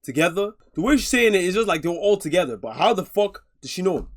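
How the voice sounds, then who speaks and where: A man's voice: high voice, expressive, fast. A man, hosting a reaction video in casual, slangy, swearing commentary and sounding openly incredulous.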